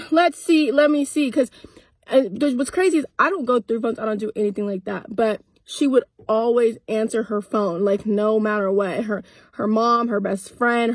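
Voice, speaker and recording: A woman's voice: fairly high pitch, husky, no echo. A young woman telling a personal story in a casual vlog from a parked car, blunt and profane, acting out the quoted lines. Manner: blunt, profane, animated retelling with quoted dialogue.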